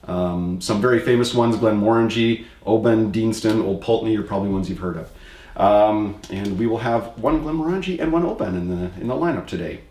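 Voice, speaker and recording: A man's voice: fairly low pitch, a little fast, darkish tone, echoey room, slight background noise. A man hosting a casual tasting podcast, upbeat and jokey, with lots of ums and uhs. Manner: upbeat, jokey, frequent fillers. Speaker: host.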